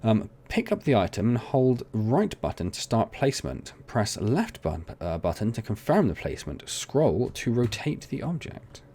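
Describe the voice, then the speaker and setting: With hardly any pauses, a young man narrates his farming game run in a chatty, rambling, self-deprecating way, as a gaming channel host doing casual let's play commentary. He speaks at normal speed in a mellow, medium-pitched voice with big pitch swings, over slight background noise.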